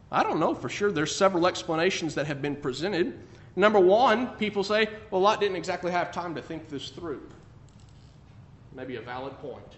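A man preaching a sermon, emphatic, swinging between loud declarations and quiet asides. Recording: echoey room with faint rumble.

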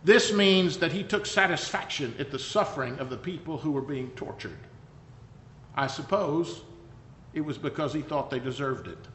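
A male preacher with a high, bright voice tells the story conversationally and drives his points home with emphatic asides. His voice carries through a long, echoey church hall. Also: animated, moderate pace, a little hiss or hum. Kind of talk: sermon.

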